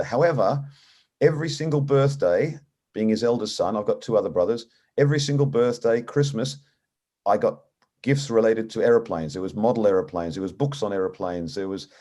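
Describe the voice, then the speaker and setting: A middle-aged man, an airline captain, telling his story in an interview and acting out the voices of people he quotes. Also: fairly low pitch. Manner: animated storyteller, acts out quoted dialogue.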